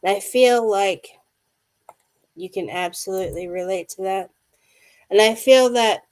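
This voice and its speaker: Low, unhurried wheezy woman reading cards. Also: a little mellow. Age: 50s. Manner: intuitive, addressing viewers by name. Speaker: tarot card reader. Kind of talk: live-streamed card reading.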